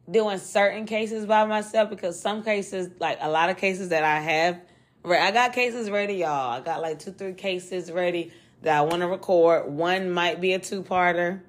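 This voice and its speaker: Fast-talking slangy woman podcast host. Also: lowish voice. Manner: fast, loose and slangy, swears freely. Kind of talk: casual solo podcast chat.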